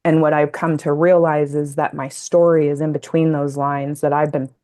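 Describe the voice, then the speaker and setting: Woman, 50s, from Colorado, low voice, reflective, rambling storyteller. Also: little pitch movement, moderate pace, mellow. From Colorado, USA. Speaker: podcast guest, communication coach. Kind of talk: casual interview storytelling.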